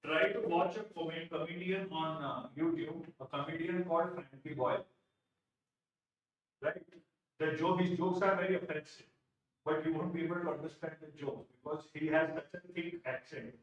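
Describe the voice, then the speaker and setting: A man's voice: fairly high pitch, fairly even intonation, normal speed, dull audio. A man with an Indian English accent teaching vocabulary in a live exam-prep lecture, repeating key phrases and asking questions to answer them himself. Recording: very echoey room, distant from mic.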